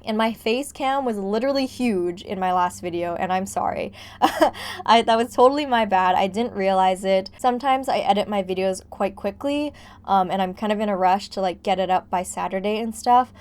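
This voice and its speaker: A woman's voice: medium pitch, moderate pace, a little mellow, smooth. A young woman gives a casual, rambling voice-over about her game build. She is out of breath and jittery from caffeine and fills her talk with "like". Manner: chatty, rambling, heavy use of "like". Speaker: gaming vlogger.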